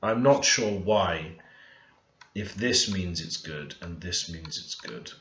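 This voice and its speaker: A man's voice: deep voice, animated, slow pace, a bit bright. A man working through a grammar lesson over a screen recording, thinking aloud and stressing the words in his example sentences. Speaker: language learner teaching. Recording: echoey room, dull lo-fi sound.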